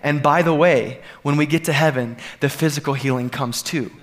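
A man's voice: a little high, normal speed. A man preaching a sermon to a congregation, earnest and building to emphatic peaks. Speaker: pastor. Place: church sanctuary.

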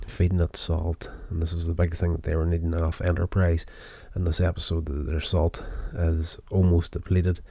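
A tired man recaps a television episode in a loose, rambling way, full of fillers and restarts. His voice is very low and mellow. The recording is dry and close. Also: level tone, moderate pace, gravelly, hardly any pauses, breathy edge, no echo. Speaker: show recapper.

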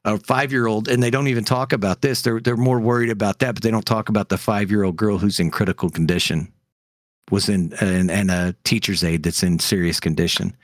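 A man's voice: fairly low pitch, steady tone, a little fast, dry recording, clean studio sound. A man co-hosting a podcast, ranting heatedly in casual chat with frequent fillers. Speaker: podcast co-host.

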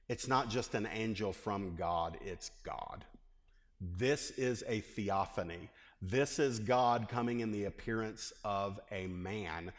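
Casting note: pastor, male, mid-pitched voice, animated preaching with long hall reverb. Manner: lively preaching, asks the congregation questions. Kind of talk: sermon. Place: church hall.

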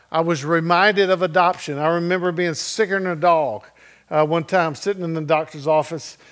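A middle-aged male pastor preaching in a chatty, storytelling manner, pitched a little high for a man. He keeps checking in with the congregation. His delivery swings between loud and hushed. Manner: conversational storytelling, checks in with listeners. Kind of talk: sermon.

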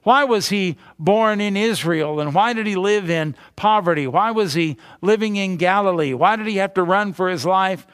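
A male pastor delivering a sermon in a fairly high voice, pressing his points with emphatic repetition and rhetorical questions. The recording is dry and close, with little room sound. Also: moderate pace, hardly any pauses, clear, resonant tone, dry recording.

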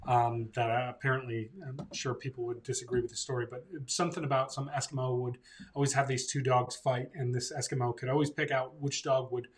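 A man's voice: mid-range voice, little pitch movement, fairly quick. A man co-hosting a casual talk, speaking thoughtfully and hesitantly, often trailing off and restarting. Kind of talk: casual conversation.

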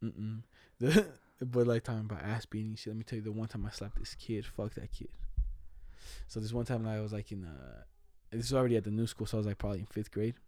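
A man's voice: fairly low pitch, fast talker, warm tone, no room sound. A young man telling funny childhood stories in casual chat, full of slang and laughter, acting out the voices of people in them.

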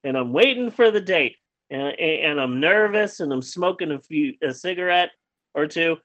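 Animated storytelling man, fairly high voice. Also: moderate pace, no echo. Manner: animated, acts out quoted lines; rambling with frequent restarts. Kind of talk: casual anecdote telling.

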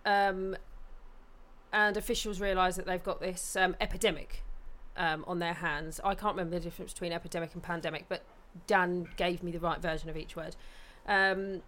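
A woman's voice: lowish voice, flat delivery, moderate pace, fairly bright tone. Chatty southern English woman. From Watford, England. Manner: chatty, laughs often, swears casually. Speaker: podcast co-host. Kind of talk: casual film chat.

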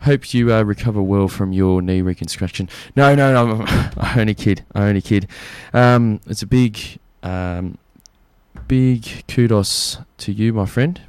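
A man's voice: lowish voice, unhurried, a little mellow, clear, resonant tone. A young Australian man hosting a community radio show, chatting casually and jokily with plenty of fillers. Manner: chatty, jokey, rambling with fillers.

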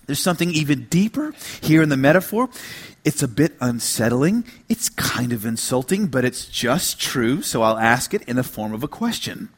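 A middle-aged man preaching a sermon, telling stories with humor and moving between quiet asides and emphatic lines. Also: on the high side, sing-song, normal speed. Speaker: pastor.

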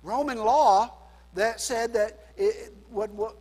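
A man preaching a sermon as pastor, swinging between loud emphasis and quiet drops. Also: very high voice, takes it slowly, in a large hall.

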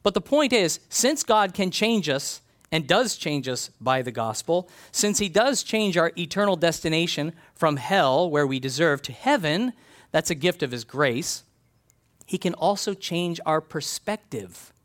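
Guy preaching, kinda high-ish voice, earnest and chatty, reads the bible out then explains. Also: animated, unhurried, fairly bright tone. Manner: conversational and earnest, reads scripture aloud. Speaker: pastor. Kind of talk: sermon.

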